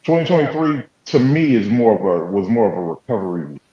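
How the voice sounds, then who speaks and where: A man talking as a guest on a casual radio show, reflective and halting. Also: fairly low pitch, sing-song, a crowd in the background. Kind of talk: casual group chat on radio. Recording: dull echoey room sound.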